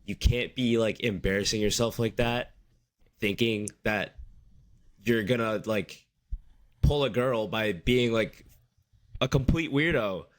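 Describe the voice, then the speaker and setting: Young man podcast co-host, lowish voice. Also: slow, long pauses. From Midwestern United States. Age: 20s. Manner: loose, hedging, full of "like" fillers. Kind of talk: casual chat.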